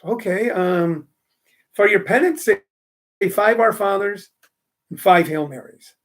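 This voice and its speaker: A man voicing a patient Catholic priest in a told joke, speaking in a measured, unhurried way. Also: high-pitched.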